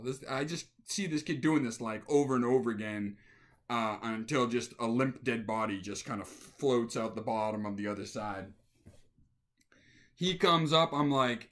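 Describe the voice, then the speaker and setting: A man's voice: medium pitch, moderate pace. A man telling a casual anecdote, acting out the scenes with voices. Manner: animated, acts out scenes with voices. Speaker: storyteller.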